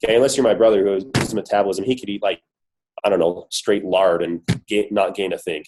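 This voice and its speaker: Despite a cold that has worn his voice, this man, a guest speaker on a corporate team call, delivers an upbeat, emphatic pep talk full of rhetorical questions. He talks fast in a low, steady voice, and background noise can be heard.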